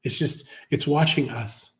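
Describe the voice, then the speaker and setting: A man's voice: medium pitch, measured pace. Middle-aged guy rambling on a morning stream, lots of restarts, just chatting. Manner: rambling anecdotes with many restarts. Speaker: co-host of a livestream show. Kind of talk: casual chat.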